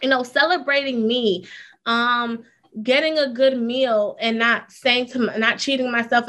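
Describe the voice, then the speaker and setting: A woman's voice: a little high, unhurried. A woman, a school counselor, talking candidly and with energy as a guest in a casual interview. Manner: candid, animated storytelling with fillers.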